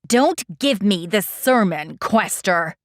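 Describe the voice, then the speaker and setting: A woman's voice: mid-range voice, animated, slow, dry recording, studio quality. A woman voicing an angry, defiant female teacher in an audiobook, sarcastic and biting. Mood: scornful. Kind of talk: audiobook character voice.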